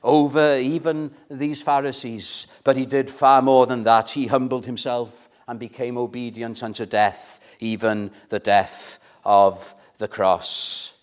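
In a mid-range, level voice, a man preaches a sermon in church, earnest and measured, driving his points home with questions to the congregation.

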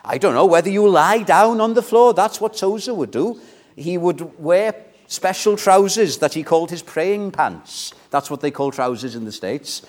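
A man preaching an earnest, pleading sermon in church, swinging between loud and soft. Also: high-pitched, animated, normal speed. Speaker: pastor.

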